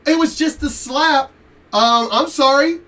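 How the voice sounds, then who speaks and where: A man telling a story in a profane, animated rant while commenting on a reaction video. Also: very high voice, unhurried, far from the mic. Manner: animated, profane, laughing asides.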